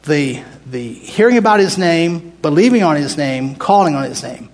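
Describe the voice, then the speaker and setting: A man's voice: fairly high pitch, lively intonation, moderate pace. An older American man leading a Bible study, talking conversationally, restarting phrases and putting questions to the group. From United States. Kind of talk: casual Bible teaching to a group.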